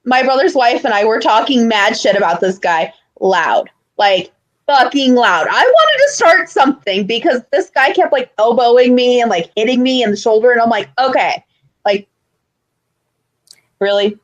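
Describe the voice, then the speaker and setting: Animated, high-pitched young woman storyteller. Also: normal speed. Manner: animated storytelling, loud excited outbursts, frequent swearing. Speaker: podcast co-host. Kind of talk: casual chat.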